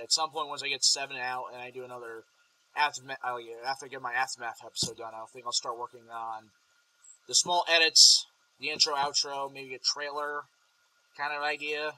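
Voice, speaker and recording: A man's voice: mid-range voice, pushed and bright, poor audio. A young man hosting a casual group podcast chat, rambling with plenty of ums as he plans projects. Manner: rambling, lots of filler ums. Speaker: podcast host.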